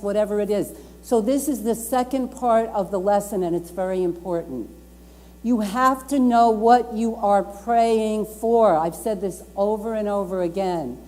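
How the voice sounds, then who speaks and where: A woman's voice: medium pitch, dark tone. A woman reverend preaching a Sunday sermon, stressing and repeating her key phrases and inviting the congregation to speak along. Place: community lounge at a YMCA. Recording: long reverb from a lounge room.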